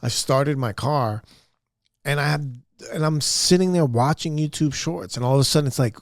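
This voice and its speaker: A man's voice: fairly high pitch, moderate pace, no echo. Candid rambling man, dry close sound. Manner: rambling, candid, self-deprecating, with frequent fillers. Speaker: podcast host. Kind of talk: casual solo podcast monologue. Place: upstairs room at home.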